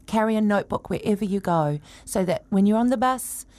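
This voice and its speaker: A New actress talks warmly and eagerly in a casual radio interview, her voice mid-pitched. She is chatty and animated, with plenty of enthusiasm. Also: a little fast. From New Zealand.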